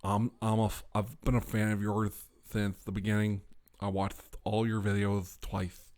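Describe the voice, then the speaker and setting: Man putting on a fawning lisping fanboy, loud and repetitive. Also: on the low side, little pitch movement, normal speed, close to an everyday voice. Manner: fawning, repeats himself. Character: gushing lisping male fanboy, young adult.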